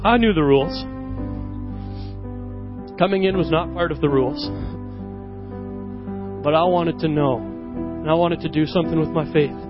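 A man with a notably high voice delivers a sermon, spinning a personal story with lively, self-mocking energy. Worship music plays clearly behind him, and the recording sounds a little dull. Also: moderate pace, long pauses. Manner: animated storyteller, often laughing at himself. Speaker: preacher. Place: church service.

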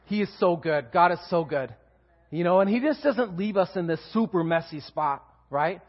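High-voiced man sharing his testimony. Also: normal speed, dull audio. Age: 40s. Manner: emotional, animated storytelling with laughter and swings in loudness. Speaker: guest speaker giving testimony. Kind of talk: personal testimony in church.

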